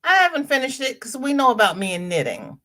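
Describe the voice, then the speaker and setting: A woman's voice: sits high, sing-song, fast talker, sharp tone. An older woman hosting a crochet livestream, chatting casually, greeting viewers by name and repeating phrases for emphasis. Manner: chatty, reads viewer comments aloud and greets each viewer.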